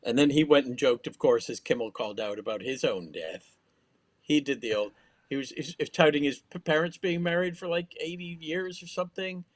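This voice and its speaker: A man's voice: a little high, brisk, no echo. A man guesting on a casual comedy chat, making wry, dry jokes.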